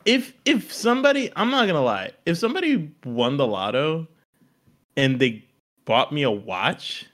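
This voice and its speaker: A young man trading teasing jokes with friends in a casual chat. He laughs easily, and his voice sits a little high for a man. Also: sing-song, moderate pace, a bit bright. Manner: teasing, joking, laughs often.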